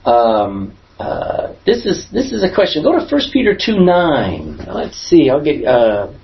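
A man's voice: on the high side, a little slow. A man teaching a Bible class as pastor, asking the class questions and stressing points in a conversational way. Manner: asks the class questions, lively emphatic delivery. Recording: dull lo-fi recording.

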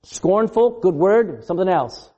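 A man's voice: sits high, measured pace, muffled recording. A male pastor preaching a sermon, asking the congregation questions, laughing often and acting out quoted voices. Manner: animated, asks the congregation questions.

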